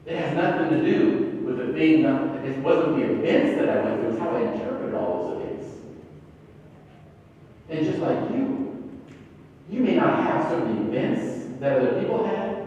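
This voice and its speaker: A man's voice: fairly high pitch, big pitch swings, normal speed, warm tone, slight background noise. A man in his fifties giving a keynote speech, telling personal stories in a conversational way and often restarting words. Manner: conversational, repeats words when starting. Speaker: keynote speaker. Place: large conference hall. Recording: echoey hall, distant, dull.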